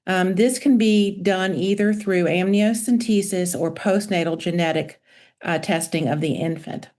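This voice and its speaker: A woman pediatrician presenting a medical webinar lecture over a video call in a measured, informative way. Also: lowish voice, fairly even intonation, darkish tone. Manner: measured, informative, reading from slides.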